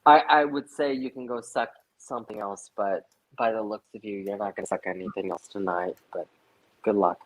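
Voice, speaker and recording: A man's voice: fairly low pitch, steady tone, moderate pace, poor audio. A young man, a guest on a live stream, telling a story in casual chat, swearing a lot and filling with "like". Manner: profane, lots of "like" fillers.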